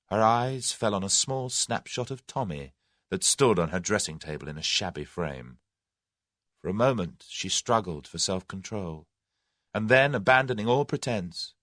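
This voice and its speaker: A man narrates a classic mystery audiobook in a low voice with lively rises and falls. His storytelling is measured and expressive, and the recording is close and dry with no room sound. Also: dry recording.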